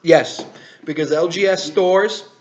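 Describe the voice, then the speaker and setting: A man's voice: fairly high pitch, takes it slowly, darkish tone, muffled recording. A man hosting a casual commentary video, explaining things in a dry manner and correcting himself as he goes. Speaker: host.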